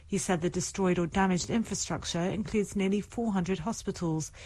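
A woman correspondent reading a scripted news report in a plain, steady way. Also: on the low side, normal speed, breathy edge, rough recording.

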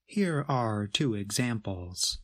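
A man narrating a scripted grammar lesson in a measured, explanatory way. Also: lowish voice, expressive, no echo. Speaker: grammar teacher.

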